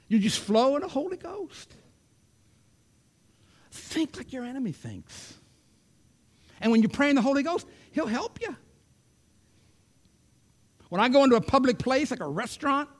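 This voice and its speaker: Lively high-pitched male preacher. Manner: dramatic swings from loud preaching to hushed whispers. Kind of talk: sermon.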